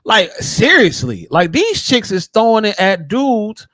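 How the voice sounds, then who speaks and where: Casual podcast host, man, high and lively voice, dry sound. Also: unhurried, no room sound. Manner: animated, acts out quoted voices.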